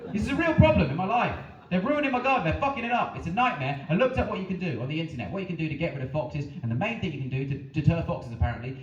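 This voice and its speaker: A male stand-up comedian who performs his set with animated, sweary, self-mocking storytelling. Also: on the high side, a little hiss or hum. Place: comedy venue stage. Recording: echoey venue, distant mic, dull sound.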